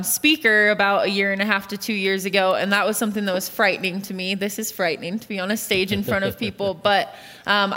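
A woman's voice: mid-range voice, pushed and bright. A woman in her late twenties, a youth pastor, answering interview questions in an earnest, candid way. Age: late 20s. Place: church auditorium stage. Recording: long reverb of a large hall.

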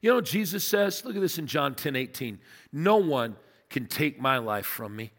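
A man's voice: animated, normal speed. Older male pastor preaching in a hall. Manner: storytelling, rising to emphatic peaks and dropping to low quiet asides. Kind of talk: sermon. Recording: long reverb of a large hall.

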